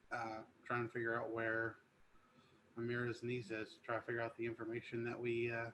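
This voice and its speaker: Male player, bright forceful voice, casual. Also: medium pitch, slight background noise, low-quality recording. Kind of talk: tabletop game play.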